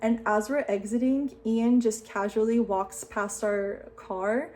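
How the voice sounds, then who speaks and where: Chatty excitable woman in her twenties. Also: fairly high pitch, slow pace. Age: 20s. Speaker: vlogger. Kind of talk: casual storytelling to camera.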